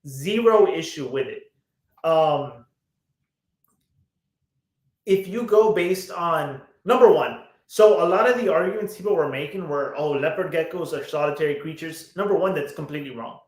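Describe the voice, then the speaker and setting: A man's voice: fairly high pitch, animated, a little slow, long pauses, a little mellow, echoey room. A man co-hosting a podcast in casual chat, blunt and swearing often, with lots of fillers and restarts. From United States. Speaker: podcast co-host.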